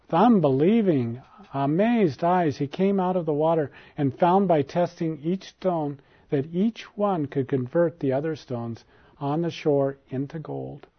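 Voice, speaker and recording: A man narrates a formal storybook tale in a measured, deliberate way. His voice sits a little high. The recording is dull and lo-fi.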